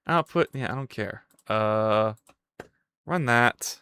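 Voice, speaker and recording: A live streamer talking through code, with a voice that swings widely up and down. The delivery is slow and unhurried between sudden excited yelps, and the sound is dry and close. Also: mid-range voice, clear, resonant tone, dry recording. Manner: excitable, yelps and swears when things break; playful, chats with viewers between tasks. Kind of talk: thinking aloud while coding on a live stream.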